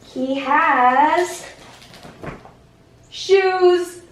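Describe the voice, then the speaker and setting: A woman's voice: high voice, drawn-out words, slight background noise. Woman, 30s, sing-song teacher voice, recorded from across a roomy classroom. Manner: animated, sing-song teacherly talk with many questions to the kids. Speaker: guest speaker in a special education class. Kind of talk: explaining to children. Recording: echoey classroom, voice from far off.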